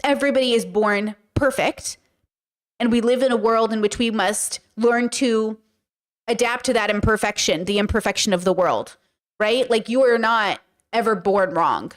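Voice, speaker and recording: A woman's voice: a little high, moderate pace. A woman hosting a casual commentary, talking in an emphatic, sarcastic way. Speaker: commentary host.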